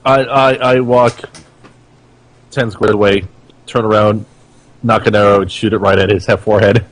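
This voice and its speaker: A man's voice: on the low side, steady tone, moderate pace, poor audio. A young man playing a tabletop game, hesitant and stumbling over his words. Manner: hesitant, stammers a little. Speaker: player. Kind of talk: casual tabletop play.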